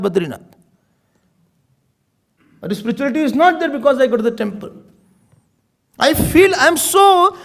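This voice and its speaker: A man giving a spiritual talk as a swami, teaching in an animated way and often breaking into laughter. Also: very high voice. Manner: animated teaching, often laughing, mixing in Hindi and Sanskrit terms. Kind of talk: sermon.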